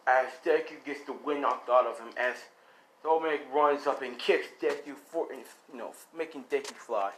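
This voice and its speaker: Guy making up a story as he goes, slow and rambly, faint background hiss. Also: mid-range voice. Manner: rambling, self-correcting, many fillers. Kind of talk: improvised fan-fiction narration.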